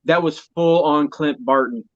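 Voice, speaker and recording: A man co-hosting a podcast in casual chat, excitable and gushing, swearing now and then. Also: on the high side, unhurried. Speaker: podcast co-host. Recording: dull lo-fi audio.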